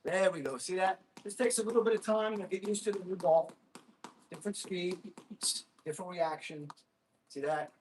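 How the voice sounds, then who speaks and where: There's a little hiss or hum behind this high-voiced man as he livestreams his training, whooping and chatting between hits of a ball. He talks at normal speed with long pauses, working hard physically, and he gets blunt and combative with trolls.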